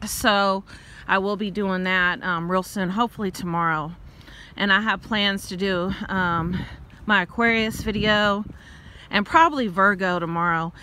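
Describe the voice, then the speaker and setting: A middle-aged woman, talking casually while walking outdoors, out of breath, chatty and quick to laugh. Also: mid-range voice, bright, forceful tone, slight background noise. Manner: chatty, laughs often, rambles into rants. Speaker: vlogger and tarot reader.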